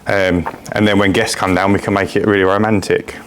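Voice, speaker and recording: Man, low-pitched, laid-back podcast co-host, joking chatter. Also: a little fast, a little hiss or hum. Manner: relaxed, joking banter. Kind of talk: casual chat. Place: large empty unit with echo.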